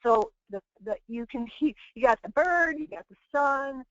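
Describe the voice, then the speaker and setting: A woman's voice: high voice, expressive, measured pace, a bit bright, dry recording. A woman presenting a motivational webinar, preaching with repeated phrases and acting out quoted people. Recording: muffled lo-fi webinar audio.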